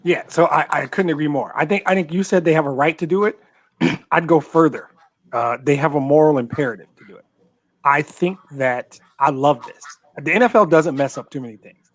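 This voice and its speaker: A man's voice: on the high side, a little fast, no room sound. A man co-hosting a sports talk show, blunt and indignant, ranting with profanity. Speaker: co-host.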